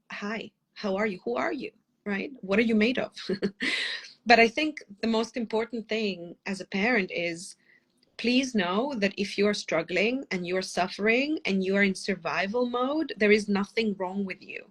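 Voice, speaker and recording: A middle-aged woman, a parenting coach, talking passionately and at length in a podcast interview while she has a cold. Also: medium pitch. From former lawyer living in London. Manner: passionate, fast, tangent-prone.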